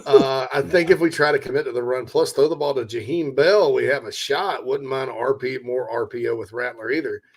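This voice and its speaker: A man's voice: medium pitch, brisk, hardly any pauses. A man from South Carolina hosting a casual sports talk show, joking and reading out audience comments. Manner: joking, chatty, reads out audience questions.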